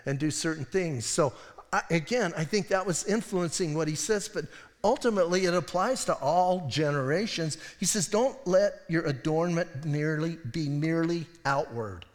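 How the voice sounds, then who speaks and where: A man with a fairly high voice preaches a sermon, talking to the congregation like a friend, restarting sentences and tossing in dry asides. His voice rings with a long reverb that trails off through a church hall. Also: moderate pace. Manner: conversational, self-interrupting preaching with wry asides. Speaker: pastor. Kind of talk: expository sermon.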